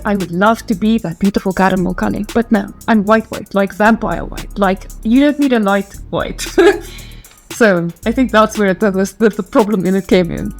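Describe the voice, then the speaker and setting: A South African woman telling stories to camera in a chatty, animated way, laughing easily. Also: medium pitch, moderate pace, soft background music. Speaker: storyteller and channel host. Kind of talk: casual storytelling to camera.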